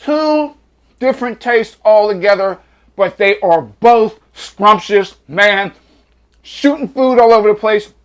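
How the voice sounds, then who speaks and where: A man with a voice that sits high and an unhurried delivery hosts a home cooking vlog from his kitchen. Hyped and slangy, he draws out catchphrases while taste-testing.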